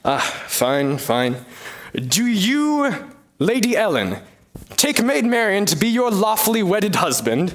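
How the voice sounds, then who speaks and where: A young man performing a one-man comedy play, with a hammy, exaggerated delivery and sudden pitch swings. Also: very animated, slow pace, fairly bright tone. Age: young adult. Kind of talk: theatrical one-man comedy, many voices.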